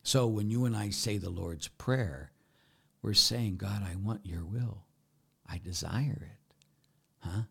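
Emphatic middle-aged priest, low voice. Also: male voice, slow pace, gravelly, long pauses, slightly rough. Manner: emphatic, with rhetorical questions and swings between loud and soft. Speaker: Catholic priest. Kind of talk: preaching in a Q&A.

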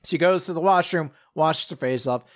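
Man, somewhat high voice, rambling casual recap, laughs a lot, acts out lines. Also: normal speed. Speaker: podcast co-host. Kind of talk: casual chat recapping a manga chapter.

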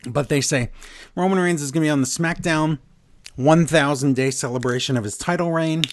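A man's voice: a little high, a little fast, no echo. Blunt, opinionated male podcast host. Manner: animated storyteller, blunt and opinionated. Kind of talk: casual wrestling recap chat.

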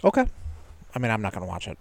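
A man's voice: on the low side, huge pitch swings, racing, vocal fry. A man co-hosting a casual pop-culture chat, rambling, wry and freely profane. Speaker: podcast co-host.

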